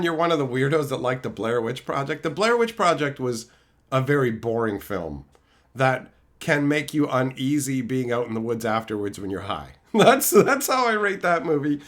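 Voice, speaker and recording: A man's voice: mid-range voice, a bit bright. A man from Canada chatting casually on a livestream, answering chat messages with sarcasm, swearing and bursts of exasperation. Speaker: streamer reading chat.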